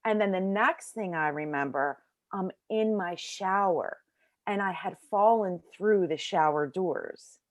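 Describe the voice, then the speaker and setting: A middle-aged woman telling a personal story as an interview guest in a casual, animated way, acting out the voices of people in it, recorded in a bedroom at home. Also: mid-range voice, measured pace, no room sound, studio quality. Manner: casual, lots of fillers like "like".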